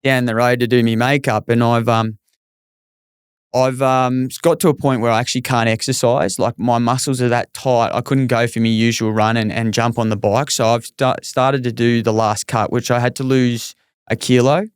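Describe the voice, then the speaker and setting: A man with an Australian accent, a jockey telling a lively story in a casual interview with frequent restarts. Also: mid-range voice, moderate pace, clear, resonant tone, no room sound, studio quality. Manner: animated, spins a story with lots of restarts. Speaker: jockey, guest.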